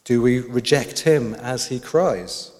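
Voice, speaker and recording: A man's voice: medium pitch, slow, a little mellow. A man preaching in a reverberant hall. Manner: reflective, asks the congregation questions. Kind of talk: sermon.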